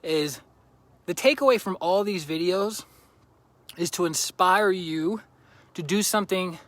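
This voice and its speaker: A man's voice: high-pitched, measured pace, a bit bright, no echo. A man livestreaming outdoors by a lake on a handheld phone, chatting and joking with viewers, a little out of breath. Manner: chatty and jokey, greeting viewers by name. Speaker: vlogger livestreaming a road trip. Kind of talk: casual livestream chat.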